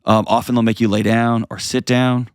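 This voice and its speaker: A man's voice: mid-range voice, little pitch movement, normal speed, clean tone, no echo, studio quality. A man hosting a call-in advice show, counseling a caller in an earnest, direct, plain-spoken way.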